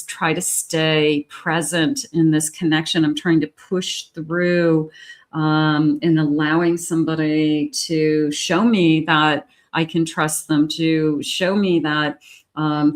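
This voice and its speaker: Woman tarot reader, low voice, gentle and chatty, loose with fillers. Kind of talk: tarot reading monologue.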